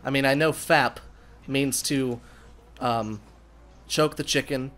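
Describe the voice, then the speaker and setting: A young man hosting a casual gaming livestream, excitable and swearing freely between laughs. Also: medium pitch, takes it slowly, soft background music. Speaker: livestream host.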